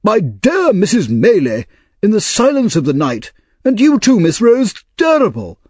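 A fussy, plump country doctor talks in a high, emphatic and brisk voice, performed by a man reading a storybook aloud. His voice is lively and slightly husky and leaps upward on stressed words. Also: no echo, exaggerated voice. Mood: agitated.

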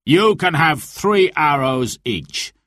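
A man voicing a bossy, scheming male sheriff who calls out loudly in a raised, higher voice. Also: very animated, slow, no echo, heavily acted. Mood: commanding.

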